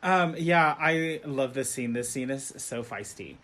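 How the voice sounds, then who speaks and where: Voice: medium pitch, animated, unhurried, fairly bright tone. A young adult podcast co-host with a mid-range voice, talking about a TV drama in sassy, slangy casual chat. The delivery is loose and full of laughter.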